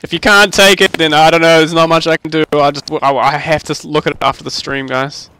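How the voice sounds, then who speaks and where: A young man casually commentating his own game livestream, excitable, laughing and swearing as he plays. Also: fairly high pitch, fairly quick, smooth. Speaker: gaming livestreamer.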